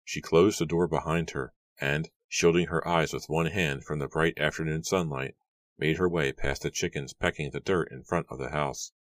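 A male audiobook narrator reading a story aloud in a measured storytelling manner. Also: a bass voice, steady tone, dry recording. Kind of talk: scripted narration.

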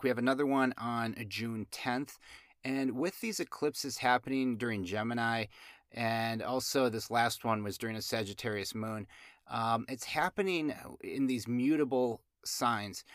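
A man's voice: medium pitch, a bit bright, no echo, studio quality. Man rambling through a chatty astrology talk. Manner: rambling, many fillers and restarts; playful, jokey asides. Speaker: astrology show host. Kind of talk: casual chat.

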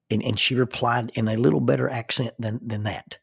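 A man's voice: medium pitch, steady tone, a little fast, vocal fry, few pauses, slightly rough, no echo, clean studio sound. An American man, a counselor and minister, telling a personal story in a casual, rambling way and often repeating words as he thinks aloud. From United States.

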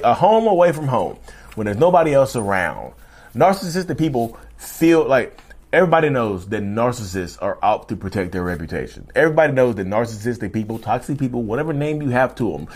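A man hosting his own podcast in a casual, animated solo monologue, often repeating and restarting himself as he goes. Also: medium pitch. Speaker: podcast host.

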